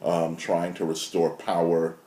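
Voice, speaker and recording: Animated man in an echoey room. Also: low-pitched, unhurried. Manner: animated, rising to emphatic outrage. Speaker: marketing consultant. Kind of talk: casual video commentary. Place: his apartment.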